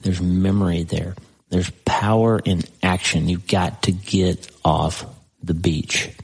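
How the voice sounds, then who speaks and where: Husky low-voiced man preaching a sermon. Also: fairly even intonation, low-quality recording. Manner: reads scripture slowly with dramatic pauses; conversational asides, addresses listener as friend. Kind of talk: sermon teaching with scripture reading.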